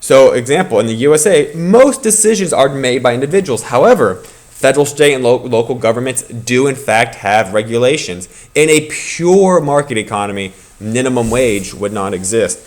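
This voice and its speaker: A man's voice: mid-range voice, moderate pace, a little mellow. A male teacher giving a recorded lecture video for his class, explaining patiently and repeating the key points for his students.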